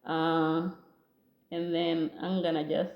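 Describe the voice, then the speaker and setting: This young Namibian vlogger's voice sits low and she takes her time, animatedly acting out what others said as she tells a story. The recording is muffled and has a roomy echo.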